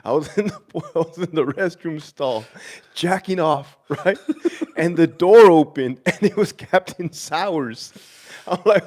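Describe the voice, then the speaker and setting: A man's voice: a little high, lively intonation, normal speed. A man, an army veteran, telling crude stories with lots of swearing and laughter in a casual chat. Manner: crude, profane, laughing storyteller.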